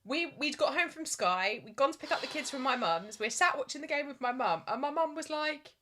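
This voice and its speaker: A woman's voice: high voice, expressive, brisk, over a noisy crowd. A woman co-hosting a live stream about fantasy football, teasing her partner and telling stories with laughter. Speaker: podcast co-host.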